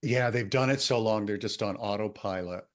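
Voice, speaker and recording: A man, a coach and author, telling a story in a casual conversation, animated and laughing often. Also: fairly low pitch, normal speed.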